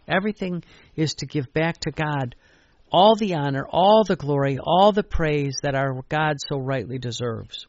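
An older priest gives a sermon with a gravelly, rough-edged voice. He tells stories casually and then falls into chanted, repeated prayer lines. The recording is dull and lo-fi, with a dry, close sound. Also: on the high side, measured pace, no echo. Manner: anecdotal, conversational preaching.

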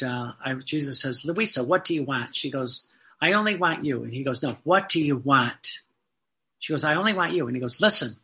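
A man delivering a fervent sermon in a high, very bright voice. He talks earnestly, repeating key phrases for emphasis and reading passages aloud. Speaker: preacher.

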